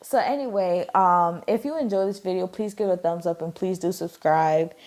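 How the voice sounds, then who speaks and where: A woman's voice: fairly low pitch, moderate pace, a little mellow. A woman chatting casually as she reviews a drama, gushing and leaning on lots of filler words.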